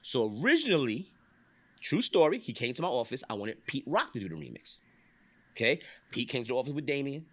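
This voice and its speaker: Middle-aged man, casual storytelling, lively swooping pitch, bright forceful voice, swears and laughs a lot. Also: fairly quick. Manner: animated, swearing, acts out quotes with big pitch jumps, laughs often. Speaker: podcast host telling industry stories.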